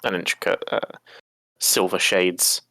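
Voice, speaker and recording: A man's voice: deep voice, fairly even intonation, a little slow, pushed and bright, no echo. A man playing a tabletop game, hesitant and full of fillers. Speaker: player. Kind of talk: casual tabletop game play.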